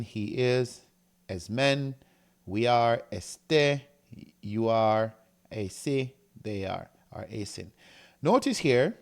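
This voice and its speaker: Guy teaching grammar, walks through it step by step, keeps asking "right?", writing on the board as he goes. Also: on the low side. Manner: explains step by step, often checks with "right?"; reads from a textbook and writes on a board. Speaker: Greek teacher. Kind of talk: recorded classroom lecture.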